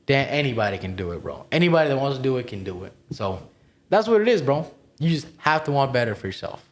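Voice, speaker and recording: An adult man cohosting a podcast tells his own life story in a candid, motivational way. He leans hard on his points, swears freely and keeps throwing in "bro" and "man." His voice sits in an ordinary middle pitch. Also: big pitch swings, quick pace. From immigrated to the United States as a child. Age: adult, past twenty-one. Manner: emphatic and motivational, swears and says "bro" often.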